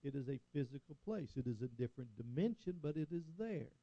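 An older man preaching from the pulpit, his voice gravelly and mellow. He swells and drops for emphasis and keeps asking the room for an "Amen?". The sound is dry and a little dull, as from a dull, lo-fi recording. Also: medium pitch, expressive, fairly quick, no room sound. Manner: preaching, rising and falling emphasis, call-and-response "Amen?". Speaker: pastor. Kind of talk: sermon.

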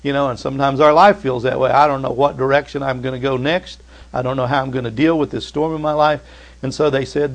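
Preaching man, hushed then rising. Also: mid-range voice, gravelly. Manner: swings from hushed, slow emphasis to loud, excited preaching. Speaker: pastor. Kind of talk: sermon.

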